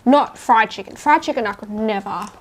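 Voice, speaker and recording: A woman's voice: medium pitch, fairly quick. A woman vlogging outdoors over dinner, chatty and laughing easily in casual conversation. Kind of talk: casual chat while eating.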